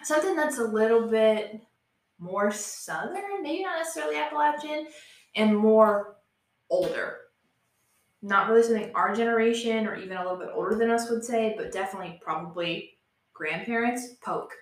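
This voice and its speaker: A young woman, chatting casually as a podcast co-host and telling animated stories with frequent laughs. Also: on the high side, normal speed, reverberant. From West Virginia. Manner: laughs often, animated storytelling. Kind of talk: casual chat.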